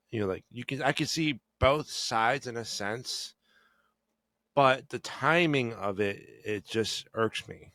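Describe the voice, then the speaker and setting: A man's voice: mid-range voice, slow pace, bright, forceful tone, dry recording. A man co-hosting a podcast, rambling and hesitant, often restarting his thoughts. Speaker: podcast co-host. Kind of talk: casual podcast chat.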